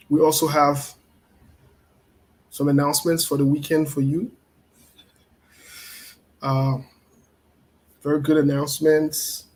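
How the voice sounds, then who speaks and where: A man's voice: a little high, a little mellow, poor audio. A man hosting a casual live stream, repeating himself often and greeting viewers by name. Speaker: show host.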